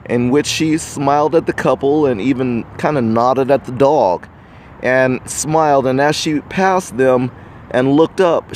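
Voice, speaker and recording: A man's voice: medium pitch, a little mellow, a little hiss or hum. Indignant man preaching to the camera. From United States. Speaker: podcast host. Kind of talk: opinion monologue addressed to the viewer.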